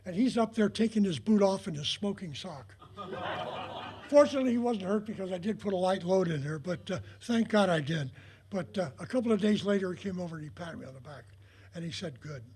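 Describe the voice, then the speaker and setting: Older man, husky voice, highish pitch, rambling anecdotes, lots of uhs, acts out dialogue. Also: lively intonation, a little mellow. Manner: rambling, many filler pauses, acts out quoted dialogue. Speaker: retired prop master giving a talk. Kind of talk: anecdotal storytelling talk. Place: talk in front of an audience.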